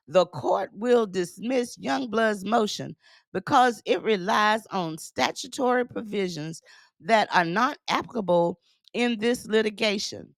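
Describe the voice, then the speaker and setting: A woman commentator reading a court order aloud and adding sassy, animated asides, with laughs between passages. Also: medium pitch, no echo. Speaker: news commentator.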